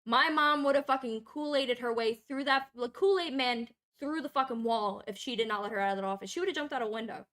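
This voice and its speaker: A young woman streamer with a somewhat high voice talks casually while she plays. Her storytelling is loose and animated, packed with swearing and filler. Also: fairly quick, few pauses.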